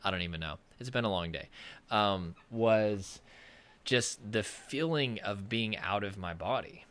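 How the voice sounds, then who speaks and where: Speaking in a lowish, expressive and slightly bright voice at a somewhat slow pace, a man from the American South addresses the camera as a nervous system coach. His talk is casual and meandering, with pauses to find words and jokes at his own expense.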